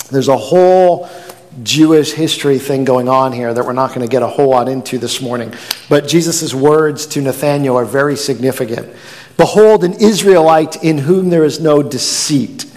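Animated male pastor in a reverberant hall. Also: on the high side. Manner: animated storytelling, acts out quoted lines. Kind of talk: sermon.

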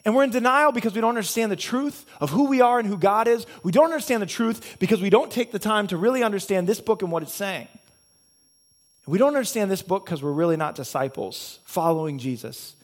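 A man with a notably high voice delivers a sermon as a pastor. He preaches earnestly, stacking one reason on another in repeated chains. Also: lively intonation, fast. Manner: earnest, repetitive preaching with building cause-and-effect chains.

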